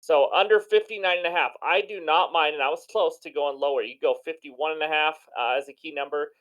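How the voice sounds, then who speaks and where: A man with a slightly raised voice rattles through his sports betting picks at a rapid clip. He sounds hoarse but stays enthusiastic and chatty, with a self-deprecating streak. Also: a little high, a bit bright, poor audio. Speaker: sports betting channel host. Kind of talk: energetic sports betting commentary.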